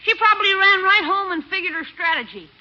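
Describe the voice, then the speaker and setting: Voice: very high-pitched, expressive. A cheeky wisecracking kid nephew. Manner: smart-alecky, fast. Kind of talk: 1940s radio acting. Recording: dull old radio broadcast.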